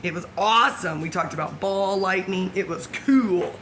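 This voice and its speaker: A woman's voice: lowish voice, moderate pace, a bit bright, a little hiss or hum. A woman talking to the camera in a scattered, joking monologue that keeps correcting itself. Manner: scattered, self-correcting, jokey asides. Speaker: vlogger.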